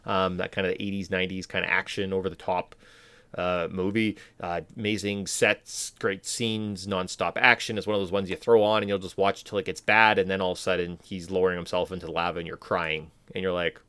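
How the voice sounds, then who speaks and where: A man co-hosting a laid-back podcast, talking in a low voice. He rambles, leans on fillers and acts out quick mock quotes. The sound is dry and close, with no room around it. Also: flat delivery, a bit bright, clear, resonant tone, dry recording. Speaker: podcast co-host. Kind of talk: casual chat.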